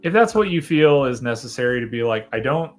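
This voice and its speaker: A man's voice: medium pitch, very animated, fast talker, faint music behind. A man, a guest on a live fragrance chat, making long, thoughtful, winding points.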